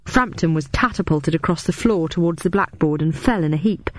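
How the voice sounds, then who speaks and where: A woman reading a first-person story aloud as an audiobook, with steady, even storytelling. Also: lowish voice, fairly quick, no room sound. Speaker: audiobook narrator.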